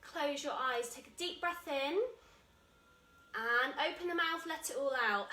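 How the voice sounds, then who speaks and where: A woman with an English accent guiding a children's yoga class, calling out moves in a gentle, encouraging way. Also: sits high, slow pace, long pauses, slight background noise. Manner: encouraging, gentle, calls out moves while exercising. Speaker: kids yoga instructor. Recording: echoey room, voice from a distance, soft music.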